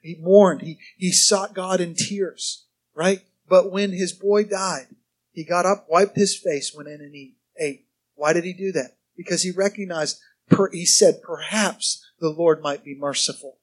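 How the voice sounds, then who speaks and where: A man's voice: high voice, steady tone, measured pace. A male pastor preaching a sermon in a conversational, humorous way, often quizzing his congregation.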